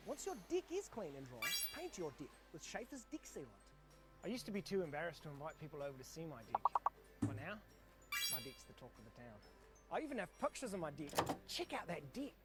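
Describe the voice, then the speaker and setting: A man doing a loud hammy infomercial guy selling hard, voice high and bouncing all over, big music under him. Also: huge pitch swings, brisk. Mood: hammy hype. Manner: brash, hammy salesman delivery. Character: overexcited male infomercial pitchman. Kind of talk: mock TV commercial. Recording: clip with loud music behind.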